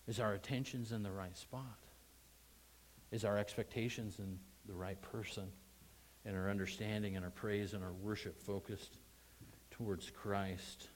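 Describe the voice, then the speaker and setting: A man preaching a Sunday sermon in a conversational way, asking the congregation questions and rising to loud bursts of emphasis. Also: fairly low pitch, poor audio. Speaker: pastor.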